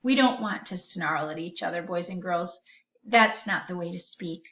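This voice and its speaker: Woman, children's vocabulary teacher, gentle sing-song delivery, roomy echo, slightly muffled sound. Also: lowish voice, moderate pace, a little hiss or hum.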